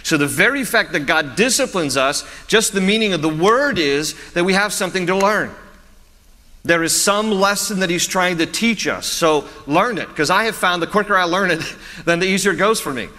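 A man preaching a sermon as a pastor, animated and storytelling, often restarting his phrases. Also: sits high, normal speed, long reverb tail.

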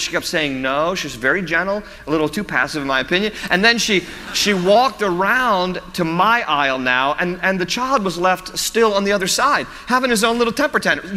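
A man preaching a sermon as a pastor, animated and storytelling, often restarting his phrases. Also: high voice, fairly quick, few pauses, long reverb tail.

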